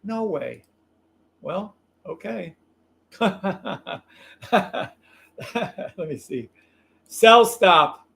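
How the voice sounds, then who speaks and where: A man hosting a live trading stream, calling trades in an excitable, profane, loud way. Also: high-pitched, extremely slow, vocal fry, pauses often. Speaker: livestream trading host.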